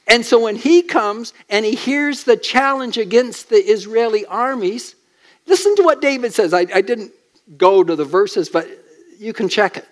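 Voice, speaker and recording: A man's voice: high voice, lively intonation, moderate pace. A man preaching a sermon in an emphatic way, asking the listeners questions as he goes.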